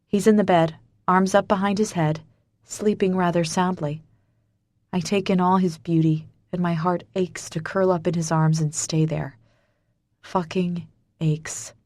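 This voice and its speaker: A woman narrating a first-person romance audiobook in a soft, emotional, hushed way. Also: fairly low pitch, no room sound.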